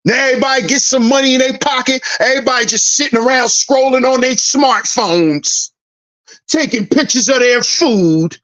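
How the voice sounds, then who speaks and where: A man's voice: extremely high pitch, normal speed, a bit bright. A man hosting a commentary channel, preaching an emphatic rant that repeats lines for effect and swears freely. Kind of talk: ranting social commentary.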